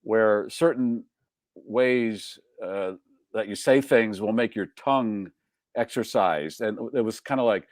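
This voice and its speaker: A man's voice: fairly low pitch, takes it slowly, no echo. Wisecracking male host, dry studio sound. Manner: wisecracking, reads off listener check-ins. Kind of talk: casual live show banter.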